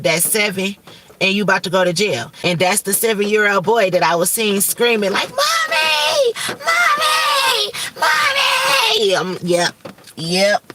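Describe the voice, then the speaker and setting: A woman's voice: medium pitch, distant mic. A woman hosts a livestream, declaring visions in urgent, repetitive, profane bursts. Her voice sits a little away from the mic, and faint noise hums underneath. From Michigan. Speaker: livestream host giving spiritual visions. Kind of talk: rambling prophetic livestream talk.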